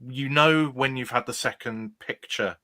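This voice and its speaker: A man's voice: medium pitch, a little slow, sharp tone. A man hosting a quiz podcast, chatting casually and thinking aloud with a reflective manner. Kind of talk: casual chat.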